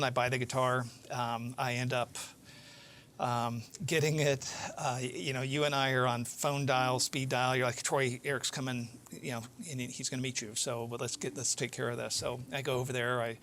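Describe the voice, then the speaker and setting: Male podcast host, mid-pitch, relaxed storyteller full of "uh"s and restarts, faint background hiss. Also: normal speed. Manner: animated anecdote-telling with many fillers and restarts. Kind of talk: casual storytelling in an interview.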